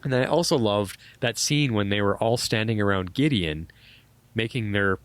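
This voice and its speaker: A man's voice: fairly low pitch, moderate pace, no room sound. A man co-hosting a podcast, chatting enthusiastically about a TV episode and often stumbling over repeated words. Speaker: podcast co-host. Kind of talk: casual TV recap chat.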